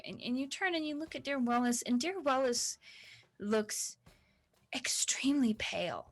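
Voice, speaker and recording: A woman's voice: sits high, animated, moderate pace. A woman narrating as dungeon master in a chatty, playful way. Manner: chatty, playful, with many fillers. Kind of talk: narrating a tabletop game.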